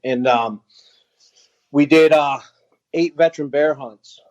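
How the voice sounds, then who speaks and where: A man, a veteran, telling a personal story as an interview guest, earnest and halting, with frequent pauses and restarts. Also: a little high, darkish tone, highs cut off. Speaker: guest, veteran who runs an outdoor organization for veterans.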